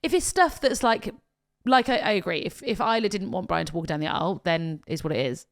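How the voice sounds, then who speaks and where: This podcast co-host, a wedding planner, speaks in a lowish, gravelly voice that's animated and a little fast. Chatting casually, she tells stories with plenty of laughter and emotion.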